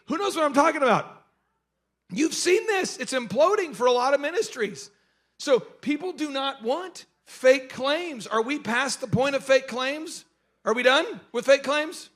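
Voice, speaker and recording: A middle-aged man telling jokey stories at a business workshop, asking the audience questions and shouting his punchlines. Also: very high-pitched, normal speed. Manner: animated, jokey, acts out quoted voices. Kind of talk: energetic seminar storytelling to a live audience.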